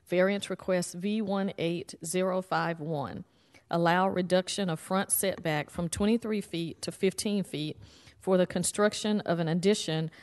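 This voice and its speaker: Woman city administrator, lowish pitch, chairs a public hearing in a measured, procedural tone. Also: a little mellow. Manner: measured, reads items out slowly. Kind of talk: formal public meeting procedure.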